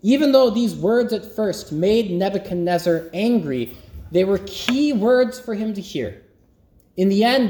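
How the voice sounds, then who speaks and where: A man preaching a sermon as pastor, slow and emphatic with long pauses. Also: high-pitched, mellow, echoey room.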